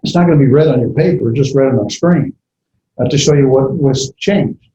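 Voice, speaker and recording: A man teaching a Hebrew grammar lesson in a halting way, with many fillers and self-corrections as he walks through examples. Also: medium pitch, noisy background. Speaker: Hebrew instructor. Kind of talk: classroom lecture. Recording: dull, roomy lecture recording.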